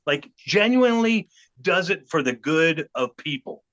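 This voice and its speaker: Bright-voiced man telling a lively story. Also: a little high, a little slow. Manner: animated, acts out quotes of others. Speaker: podcast guest. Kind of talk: storytelling anecdote. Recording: dull lo-fi podcast audio.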